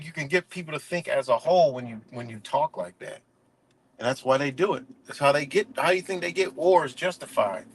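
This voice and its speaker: Poor audio carries this man's mid-range voice, which is a bit bright and slightly rough. Hosting a live stream, he delivers a heated, profane commentary rant, constantly filling gaps with "you know."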